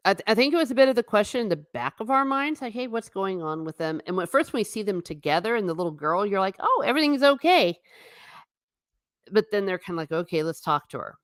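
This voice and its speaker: A woman's voice: medium pitch, quick pace, few pauses, no room sound, clean studio sound. A woman talking casually in a live stream review, eagerly acting out lines from scenes as she goes. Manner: animated, acts out quotes from scenes. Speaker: TV show reviewer.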